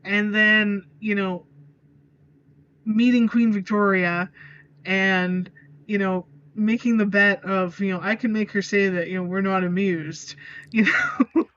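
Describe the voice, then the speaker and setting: A woman's voice: medium pitch, fairly even intonation, slow pace, fairly bright tone, clear, resonant tone, highs cut off. A woman chatting as a podcast guest, hesitant, with many fillers and small giggles. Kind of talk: casual chat.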